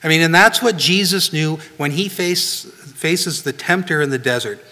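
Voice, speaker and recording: Conversational preacher in an echoey hall. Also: male voice, a little high, moderate pace, bright, forceful tone. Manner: conversational, frequent "you know" and "right?" asides. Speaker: pastor. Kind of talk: sermon. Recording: long reverb of a hall.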